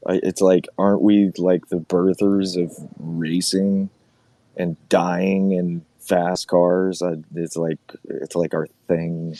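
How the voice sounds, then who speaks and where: A man's voice: low-pitched, flat delivery, slow pace, mellow, no echo, low-quality recording. A man in casual podcast chat, rambling and joking as he corrects himself. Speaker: podcast co-host.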